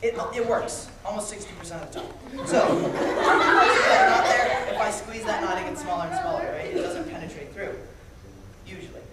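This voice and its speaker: A man's voice: high voice, huge pitch swings, normal speed. A man doing a jokey, playful magic show for a young audience at a camp, talking to the kids and calling up volunteers. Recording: echoey hall, distant mic, loud crowd and noise.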